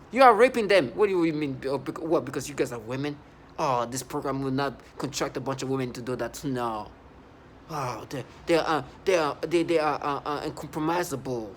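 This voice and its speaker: A man's voice: on the high side, a little hiss or hum. A man ranting in a heated, rambling monologue, full of restarts and broken-off phrases. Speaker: vlogger. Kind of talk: agitated monologue to camera.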